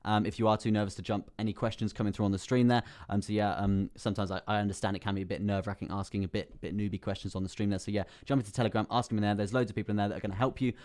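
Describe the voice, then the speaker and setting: A man's voice: lowish voice, steady tone, very fast, few pauses, a little mellow. A young man hosting a casual crypto live stream, chatting with viewers, reading their names aloud and laughing often. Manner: chatty, reads chat names aloud, many fillers and laughs.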